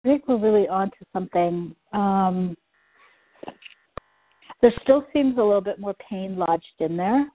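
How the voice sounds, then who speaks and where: A woman's voice: medium pitch, measured pace, pauses often, no room sound. Reflective woman repeating phrases on a thin line. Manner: soft, reflective, repeats lines back. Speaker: client in a therapy session. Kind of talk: repeating phrases in a guided session. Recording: thin phone-like audio, dry.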